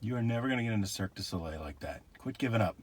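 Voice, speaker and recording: A man's voice: on the low side, lively intonation, rapid-fire, breathy edge. A man in his forties vlogging casually outdoors, rambling in a chatty, self-mocking way with little asides. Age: 40s. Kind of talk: casual vlog narration. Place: outdoors, windy lakeside walk and parked car. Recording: wind and traffic noise outdoors.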